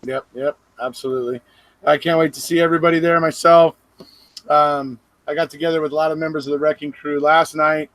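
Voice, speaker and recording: A man in casual conversation, agreeable and quick to affirm others. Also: a little high, flat delivery, fairly bright tone, no room sound, poor audio. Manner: agreeable, many short affirmations. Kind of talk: casual chat.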